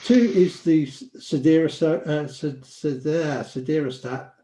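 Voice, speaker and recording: A man's voice: on the high side, fairly even intonation, unhurried, dark tone, reverberant. A man casually explaining diagrams to friends and tripping over French terms. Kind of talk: casual group chat over a shared screen.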